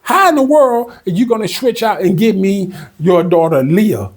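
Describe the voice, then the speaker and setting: A man doing an angry young man, indignant, raised voice, higher pitch. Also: expressive, moderate pace, breathy edge. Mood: indignant, yelling. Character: angry young man, furious at being tricked.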